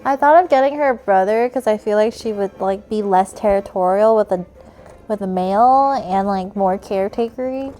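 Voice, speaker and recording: A woman's voice: mid-range voice, normal speed, warm tone. A young woman streaming, chatting casually and slipping into cooing baby talk to praise her cat.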